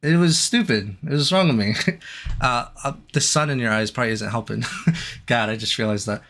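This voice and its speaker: A man speaking on a stream, apologizing in a halting, unsure way. He restarts his sentences and fills pauses with ums and uhs. His voice sits at a middle pitch for a man. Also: a bit bright. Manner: hesitant, halting, many restarts and fillers.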